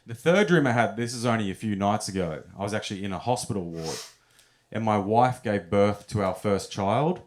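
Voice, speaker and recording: A man's voice: fairly low pitch, expressive, moderate pace. A young man telling stories in a stand-up set at a comedy club, often chuckling at his own punchlines.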